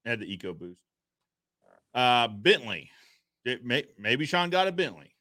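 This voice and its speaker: Man, podcast host, upbeat, casual chat, animated voice, dry close sound. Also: medium pitch, a little slow, no echo. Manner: upbeat, reads viewer comments aloud. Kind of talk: casual live-stream chat.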